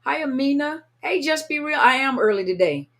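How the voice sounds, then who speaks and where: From home in California, a woman hosts a casual livestream, greeting viewers one at a time and reading their names aloud. Her high-pitched voice has lively intonation and a moderate pace, and she sounds warm and chatty but a little tired.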